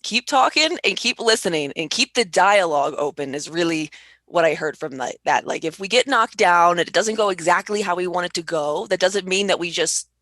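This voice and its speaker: A woman's voice: lowish voice, lively intonation, brisk, fairly bright tone, dry recording. A woman hosting an interview, talking casually and enthusiastically with many fillers. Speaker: interview host.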